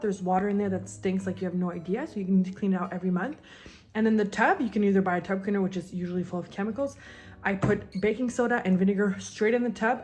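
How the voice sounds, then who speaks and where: A woman's voice: mid-range voice, a little mellow. A heavily pregnant young woman with a mother tongue, chatting casually and a bit scattered while she cleans at home, sometimes out of breath. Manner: chatty and scattered, many fillers, laughing at herself. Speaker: vlogger. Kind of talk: casual chat. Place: home, moving between rooms while cleaning.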